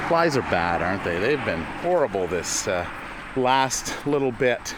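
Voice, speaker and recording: A man giving a relaxed walking tour of his farm, chatting, laughing often and greeting animals along the way. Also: on the low side, a little slow, noisy background. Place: outdoors on a farm, in woods and fields.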